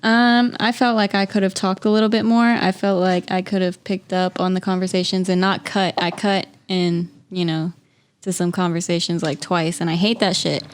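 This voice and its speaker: A woman's voice: fairly low pitch, little pitch movement, moderate pace, smooth. A young woman co-hosting a casual podcast, blunt and teasing, swearing casually. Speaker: podcast co-host.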